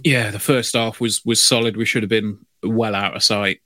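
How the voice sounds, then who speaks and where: A man's voice: on the low side, fairly even intonation, moderate pace, sharp tone, no echo. A man co-hosting a football podcast, talking in a rambling way with many fillers. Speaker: podcast co-host. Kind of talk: casual chat.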